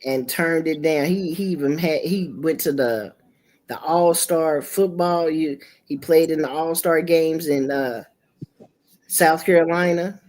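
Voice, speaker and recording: Animated, profane middle-aged woman storyteller. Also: low voice, a little slow. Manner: animated, profane, jumps into quoted voices. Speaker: livestream host. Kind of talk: casual storytelling chat. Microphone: streaming setup mic.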